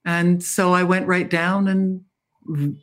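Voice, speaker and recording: An older Canadian woman, a guest author, tells stories candidly and reflectively in an interview conversation, laughing now and then. Her voice is fairly low with little pitch movement, and she speaks slowly.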